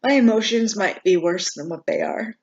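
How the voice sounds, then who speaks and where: A vlogger giving a casual personal video update, talking in a subdued, halting way with many pauses and fillers. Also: mid-range voice, dull audio. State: struggling emotionally, near tears.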